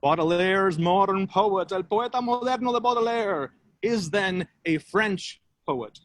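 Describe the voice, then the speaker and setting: A man reading a poem he is improvising, switching languages line by line to translate himself, in halting, drawn-out phrases. He walks around his house and speaks into a phone. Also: high-pitched, animated. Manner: switches back and forth between two languages line by line, self-translating. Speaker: poet. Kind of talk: improvised bilingual poetry reading. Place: at home, walking around the house.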